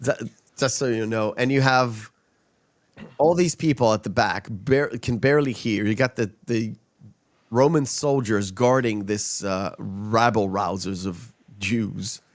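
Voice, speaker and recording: A man's voice: on the low side, measured pace. A man hosting a podcast, chatting casually about a film with frequent restarts and chuckles.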